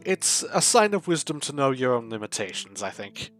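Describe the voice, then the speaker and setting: A man playing a tabletop game, answering in character with measured, polite composure. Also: medium pitch, big pitch swings, fairly bright tone, faint music behind. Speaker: player. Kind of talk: in-character tabletop role-play.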